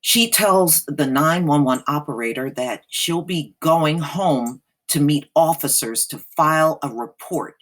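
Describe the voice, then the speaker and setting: Slow, sassy woman commentator. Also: low voice, a bit bright. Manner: sassy, blunt, slangy. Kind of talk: casual reaction commentary.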